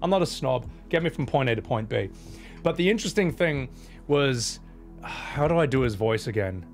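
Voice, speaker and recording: A man in a casual vlog, telling a trip story in an animated way, swearing freely. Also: medium pitch, normal speed, soft background music. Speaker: vlogger.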